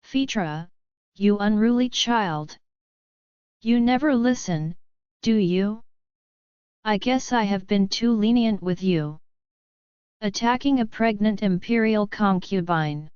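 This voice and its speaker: A woman's voice: mid-range voice, takes it slowly, long pauses, darkish tone, clear, resonant tone, no echo, lo-fi sound, close to an everyday voice. A woman voicing an older, flustered but fatherly emperor who talks in a placating way.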